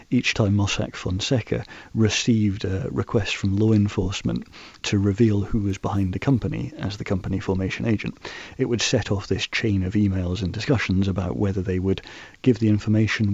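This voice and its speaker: A man speaks as an expert guest in a radio interview, measured and precise, with occasional restarts. His voice sits low and sounds a little husky. The recording is dry but muffled and dull. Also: darkish tone, dry recording. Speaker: guest expert on financial transparency.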